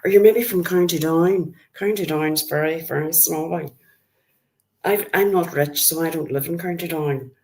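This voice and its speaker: A woman's voice: sits low, moderate pace, a little mellow. A middle-aged Northern Irish woman chatting on a live stream, greeting viewers by name and calling them love. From Northern Ireland.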